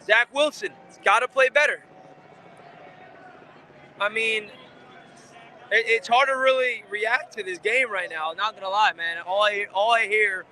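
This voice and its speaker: Angry man, post-game rant, high bright voice, outdoors with faint street noise. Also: steady tone, normal speed. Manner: angry, frustrated, swearing. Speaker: fan channel host. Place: outside a stadium.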